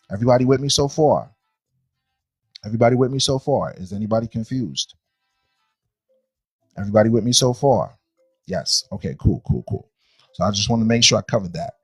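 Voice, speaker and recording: A man teaching a Bible study class. He reads scripture slowly and deliberately, repeats phrases and checks that listeners are following. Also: mid-range voice, husky, no room sound, rough recording.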